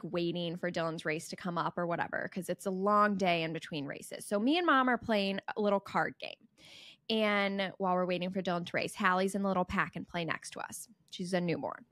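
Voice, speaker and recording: A woman in her twenties co-hosting a podcast, telling a story in a lively, laughing way. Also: on the low side, moderate pace, no echo, studio quality. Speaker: podcast co-host. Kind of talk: casual chat.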